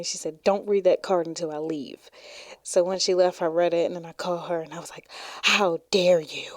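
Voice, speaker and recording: Chatty young woman, low mellow voice. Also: dry recording, studio quality. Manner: chatty, laughs often, rambling. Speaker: podcast host. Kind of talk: casual solo podcast chat.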